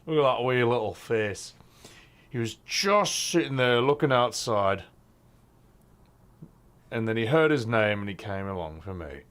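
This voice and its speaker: A man's voice: medium pitch, lively intonation, unhurried, long pauses, fairly bright tone, smooth. A young adult man, chatting casually to his stream audience and cooing at his cat. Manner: affectionate baby talk to his cat. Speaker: game streamer.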